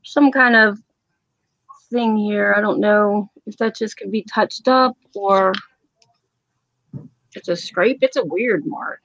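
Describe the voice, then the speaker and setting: A woman with a Southern accent running a casual live online auction, describing items and calling bids in an unhurried way. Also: medium pitch, fairly bright tone, dry recording. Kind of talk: casual live sale chat. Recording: dull, lo-fi audio.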